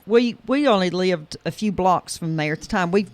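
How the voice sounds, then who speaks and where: A man with a notably high voice hosts a casual radio chat. He prompts his guests with questions. He fills in background for listeners who don't know the story. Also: expressive, moderate pace.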